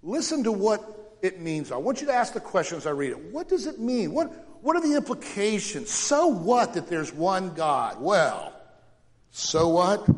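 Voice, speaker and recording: A male pastor preaching a sermon dramatically, rising to loud questions and dropping to hushed lows. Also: sing-song, normal speed, in a large hall.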